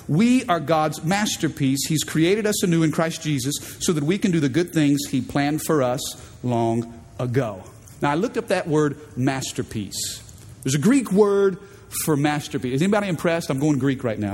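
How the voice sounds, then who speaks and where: Man, pastor, emphatic sermon, call-and-response, husky voice, long hall reverb. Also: medium pitch, darkish tone. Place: large church auditorium.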